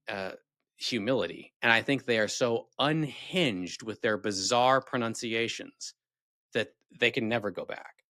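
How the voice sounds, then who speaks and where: A man's voice: fairly low pitch, a bit bright, no echo, studio quality. A man hosting a video, giving sarcastic, rambling, critical commentary. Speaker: video host. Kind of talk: casual commentary.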